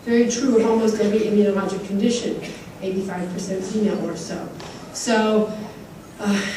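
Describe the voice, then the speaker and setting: Woman speaking at a conference, kinda high voice, earnest, repeats stuff for emphasis, sounds far off in a big echoey hall. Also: warm tone, slight background noise. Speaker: award recipient giving a speech. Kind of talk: conference acceptance speech.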